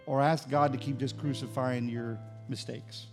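A man's voice: mid-range voice, steady tone, normal speed, soft background music. A man preaching a sermon as pastor, rising into emphatic bursts.

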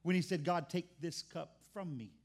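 Man, high-pitched, a pastor preaching with fervor in a chatty way. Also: normal speed. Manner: impassioned and conversational, with restarts. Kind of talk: sermon.

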